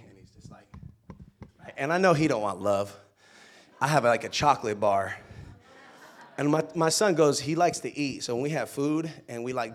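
A young male pastor preaching in an easy, conversational way. He tells playful stories, rising loud and excited, then drops to a soft, hushed tone. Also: mid-range voice. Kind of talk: sermon.

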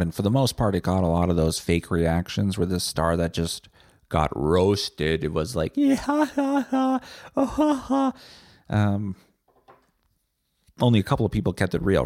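A man's voice: low-pitched, normal speed, a little mellow, no echo, studio quality. A man hosting a solo podcast, ranting bluntly and sarcastically with plenty of swearing. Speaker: podcast host.

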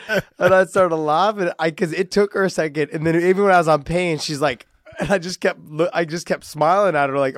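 A chatty man co-hosting a fight talk show, his voice a little higher than most men's. He rambles casually with plenty of "you know" fillers and laughs easily. The recording is close and dry. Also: fairly even intonation, brisk, dry recording. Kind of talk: casual chat.

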